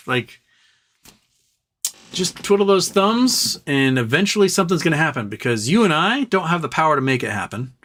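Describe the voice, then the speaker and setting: A man hosting a live stream, rambling in a relaxed way and reading out viewer comments. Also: mid-range voice, moderate pace. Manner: rambling, laid-back, reads chat comments aloud. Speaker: livestream host. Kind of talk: casual livestream chat.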